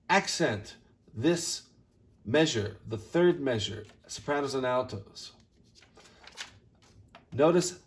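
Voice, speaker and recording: A man directing a choir rehearsal, coaching singers and speaking lines of the text slowly to model their phrasing. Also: fairly high pitch, recorded from a distance. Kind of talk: rehearsal instruction.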